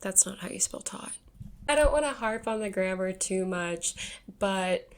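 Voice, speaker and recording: A woman's voice: mid-range voice, animated, measured pace. A young woman reviewing a book in casual, rambling chat, laughing often and filling her talk with fillers.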